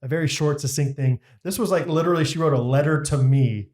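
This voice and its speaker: A young man with a somewhat high voice rambles through an anecdote on a casual podcast. He piles on fillers and chuckles as he goes. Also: fast, a little mellow, reverberant. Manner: rambling storytelling, many fillers and laughs. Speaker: podcast co-host. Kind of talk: casual chat.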